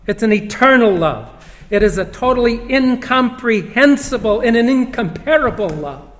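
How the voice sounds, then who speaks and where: A man preaching a sermon, reading scripture slowly and emphatically, with long pauses. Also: very high-pitched, lively intonation, fairly bright tone. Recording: long hall reverb.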